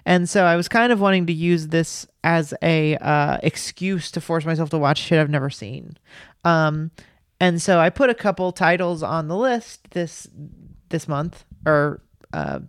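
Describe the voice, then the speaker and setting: A man's voice: a little high, a little slow, smooth, no echo, studio quality. A young man co-hosting a film podcast, chatting loosely, rambling through asides and laughing often. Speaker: podcast co-host. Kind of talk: casual film chat.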